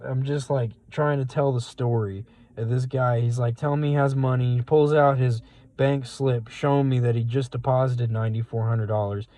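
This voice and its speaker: A man's voice: mid-range voice, steady tone, normal speed, dark tone, dry recording, rough recording. A man who drives rideshare, telling a rambling story in a casual vlog, full of fillers and quoted lines, speaking into a phone in his car. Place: in a car at a gas station.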